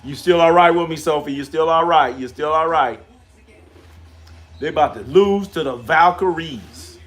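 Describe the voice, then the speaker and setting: A man's voice: fairly high pitch, normal speed. A middle-aged man hosting a casual live stream, trash-talking, repeating himself and answering chat questions aloud.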